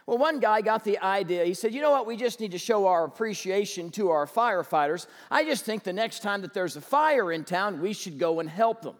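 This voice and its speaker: A man preaching a sermon as pastor, telling stories with animated energy and rising to shouts. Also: high voice, brisk, hardly any pauses, in a large hall.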